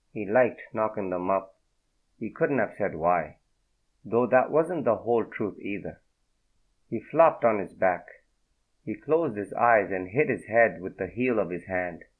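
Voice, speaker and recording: A man narrating an audiobook in a steady, unhurried reading. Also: lowish voice. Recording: tinny phone-like audio.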